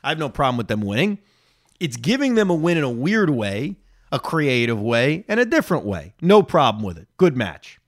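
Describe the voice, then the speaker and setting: A man's voice: medium pitch, normal speed, no echo, clean studio sound. A man hosting a solo reaction podcast, opinionated and talking straight to his listeners, with a lingering cough. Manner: animated, opinionated, talks to listeners directly. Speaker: podcast host.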